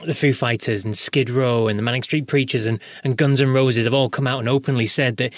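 A man's voice: mid-range voice, fairly even intonation, a little fast, no echo. A man interviewing a musician, asking long enthusiastic run-on questions.

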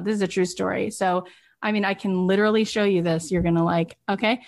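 A middle-aged woman business coach telling her students emphatic, animated stories. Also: medium pitch, quick pace. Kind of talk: coaching talk.

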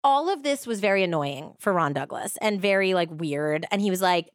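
Woman, podcast host, casual true-crime storytelling, chatty, filler words, lowish pitch, dry recording. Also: animated, normal speed, hardly any pauses, no room sound.

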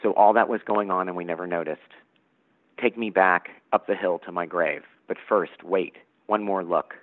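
Brief: grieving young woman's farewell, read by a man, soft and pleading, tinny phone sound. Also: sits low. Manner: pleading, tearful. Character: young dead woman, anguished and tender.

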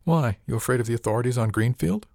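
A man's voice: mid-range voice, fast talker, gravelly, darkish tone, no room sound, studio quality. A man voicing a tough, blunt woman on a ship's crew who talks casually and defiantly in an audiobook reading. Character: tough, blunt female crew member, unafraid to fight.

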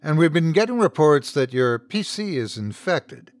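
A man's voice: a little high, sing-song. A man doing a pushy scam caller. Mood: scripted pitch. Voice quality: brisk, insistent salesman patter. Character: pushy male scam caller, insistent and smooth.

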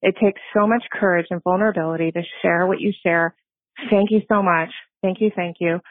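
A woman's voice: on the low side, steady tone, a little fast, no echo. A woman in her fifties, a caller leaving a voice message, tells a personal story in a nervous, earnest way and laughs at herself. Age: 50s. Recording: tinny phone line.

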